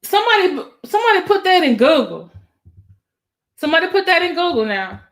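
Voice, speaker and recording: A woman doing casual live-stream commentary, excitable and talking straight to her viewers. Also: a little fast. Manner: excitable, exclaiming to viewers, voice jumps higher when excited. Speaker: YouTube commentator.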